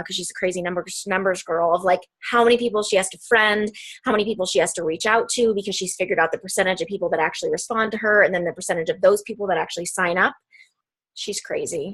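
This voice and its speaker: A young adult woman leading a team call as a coach, talking casually with lots of "like" and "um" and quick tangents. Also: medium pitch, fairly bright tone, husky. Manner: chatty, peppered with "like" and "um", fast tangents. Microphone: phone or computer call mic.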